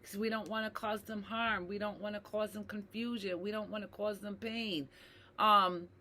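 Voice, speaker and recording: A woman talking earnestly to her viewers, reflective and slow to repeat key phrases, often checking in with "right?" and addressing them as "you guys". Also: mid-range voice, steady tone, bright, forceful tone. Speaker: mental health advocate. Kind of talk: personal talk to camera.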